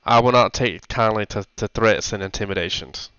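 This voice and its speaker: A man's voice: lowish voice, moderate pace, sharp tone, clear, resonant tone, no room sound. A man voicing a stern female hobgoblin leader, in a put-on girl voice. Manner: girl voice put on by the game master. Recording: dull lo-fi mic.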